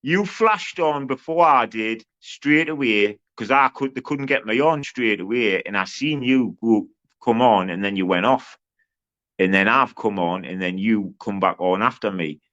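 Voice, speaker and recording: A man's voice: fairly low pitch, a little slow. Sweary man on a muffled stream. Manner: loud, sweary, mimicking others. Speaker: livestream panel co-host. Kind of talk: heated livestream argument.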